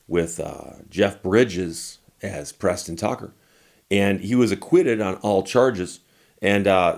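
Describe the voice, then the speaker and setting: A man with a lowish voice tells a story to camera in a relaxed way. He is wry and dry, and his voice jumps up in mock disbelief when he quotes himself. He sounds like a lawyer talking off the cuff. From United States. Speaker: lawyer and channel host.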